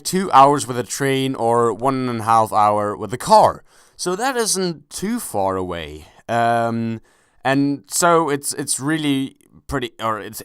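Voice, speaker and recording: Lively, rambling young man commentating gameplay. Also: mid-range voice, clear, resonant tone, no echo, studio quality. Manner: rambling, self-correcting, swears casually, jokey. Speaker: gaming commentator. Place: at home, kneeling without a chair.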